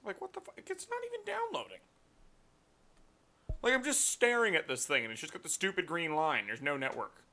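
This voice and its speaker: A man's voice: a little high, big pitch swings, fairly quick, sharp tone. A man streaming live, ranting in a profane, exasperated way at his computer.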